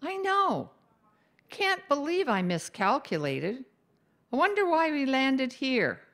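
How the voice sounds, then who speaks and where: A woman voicing a bossy, cheerful female ghost who likes to meddle, in a brisk, upbeat way. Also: high voice, wildly swooping pitch, fairly bright tone, voice pushed up, heavily acted.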